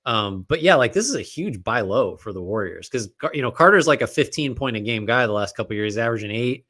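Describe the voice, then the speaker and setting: A man's voice: mid-range voice, lively intonation, quick pace, fairly bright tone. A young man co-hosting a casual podcast, chatty and jokey with easy back-and-forth. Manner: chatty and jokey, many fillers. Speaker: podcast co-host. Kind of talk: casual basketball podcast chat.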